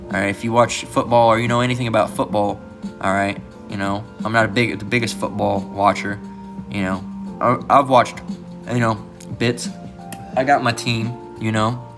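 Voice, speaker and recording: Rambling low-voiced man over background music. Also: flat delivery, normal speed. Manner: rambling, fills with "all right" and "you know"; mimics others in a raised mocking voice. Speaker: channel host. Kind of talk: casual rambling commentary. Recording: music playing behind the voice.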